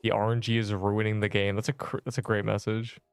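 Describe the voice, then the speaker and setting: A man's voice: lowish voice, flat delivery, a little fast, vocal fry, clear, resonant tone, no room sound, clean studio sound. A young man chatting casually while streaming a game, joking with viewers and breaking into mock-dramatic outbursts. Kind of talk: casual livestream chat while gaming.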